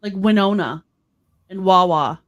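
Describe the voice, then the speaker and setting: A woman's voice: medium pitch, a little slow, dull audio. A woman from Boston, co-hosting a podcast in casual chat, talking in a chatty way full of "like" and "um". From Boston, United States. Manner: chatty, filler-heavy, says "like" and "um" often. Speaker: podcast co-host.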